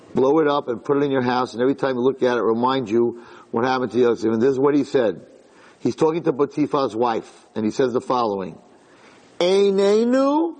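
A man giving an animated Torah class, acting out quoted lines with big swings in his voice. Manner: animated, acts out quotes with big pitch jumps. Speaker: Torah lecturer. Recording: long hall reverb.

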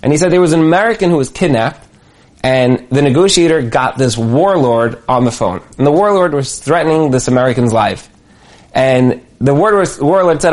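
A man's voice: mid-range voice, moderate pace. A man giving a motivational talk on marriage, telling stories animatedly and repeating phrases for emphasis. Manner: animated storyteller, acts out quotes. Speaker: speaker on marriage.

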